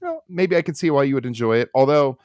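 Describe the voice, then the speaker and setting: Animated, blunt man ranting on a podcast. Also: medium pitch, fast, smooth, dry recording, clean studio sound. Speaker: podcast co-host. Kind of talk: casual opinionated podcast chat.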